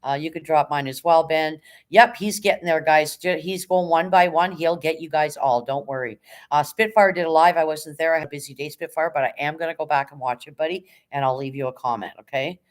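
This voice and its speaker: A woman hosting a casual livestream, reading chat and cheering viewers on in a hyped, rapid auctioneer-like patter, swearing now and then. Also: sits low. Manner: chatty, encouraging, swears casually. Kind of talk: casual live-stream chat.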